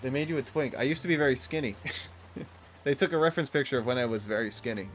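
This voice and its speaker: A man's voice: mid-range voice, fast talker, slight background noise. A young man streaming a game, chatting casually with viewers in a rambling, self-mocking way and laughing often. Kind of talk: casual gameplay chat with viewers.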